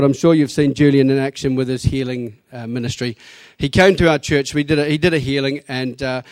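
A man from New Zealand, speaking with a New Zealand accent, plainly recounts his personal testimony to a church congregation as one of its members. His voice sits at a medium pitch with a somewhat dark tone.

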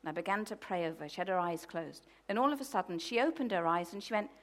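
A woman preaching a sermon from the UK, telling stories in a lively way with loud, emphatic bursts. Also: on the low side, fast talker.

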